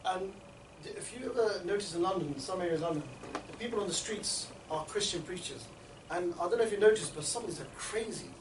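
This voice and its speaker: A man training a group in street outreach, talking in a rapid, chatty way and often checking in with his listeners. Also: high voice, expressive, noisy background. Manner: rapid, chatty, keeps checking in with "yeah?" and "right?". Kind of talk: instructional group talk. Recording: echoey room, mic at a distance.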